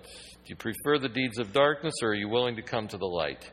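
Man preaching, husky voice, lowish pitch, long hall reverb, rambling then emphatic. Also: animated, brisk, fairly bright tone. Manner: conversational, rambling with restarts, rising to emphatic preaching. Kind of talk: sermon.

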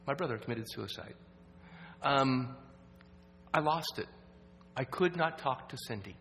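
At an evening program in a church, a man with a mid-range voice tells a story as a sermon. He is earnest but halting, restarting his lines and sinking to a hush when the story turns sad. The room is reverberant, with a faint hum underneath.

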